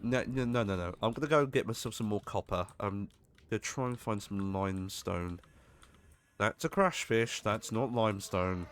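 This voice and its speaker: A man chats through his game in a casual, joking way, swearing when things go wrong. His voice sits on the low side. A faint hiss runs behind him. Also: expressive, measured pace, a bit bright. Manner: chatty, jokey, swears when startled. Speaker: gaming streamer. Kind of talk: casual gameplay commentary.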